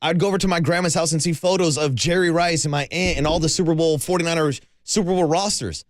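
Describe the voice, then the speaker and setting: A man's voice: on the high side, steady tone, quick pace, no echo, studio quality. Earnest young male radio co-host. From Bay Area. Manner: earnest, conversational, uses like often. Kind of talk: sports talk radio.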